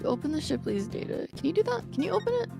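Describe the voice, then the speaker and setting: A woman's voice: high voice, very animated, fast, vocal fry, music in the background. A woman chatting casually as a co-player, hesitant and full of "like", often trailing off. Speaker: co-player and voice acting partner. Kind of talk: casual chat.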